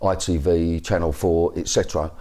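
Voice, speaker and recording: This Cockney man in his fifties talks through his life story in an interview with a deep, mellow voice at normal speed and fairly even intonation. His telling rambles, full of fillers and restarts.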